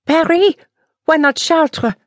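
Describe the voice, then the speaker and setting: Shrill panicky woman in her sixties, as a woman puts her on, gossipy villager, audiobook, high frantic voice, dry close sound. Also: expressive, moderate pace, no room sound, close to an everyday voice. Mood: shocked.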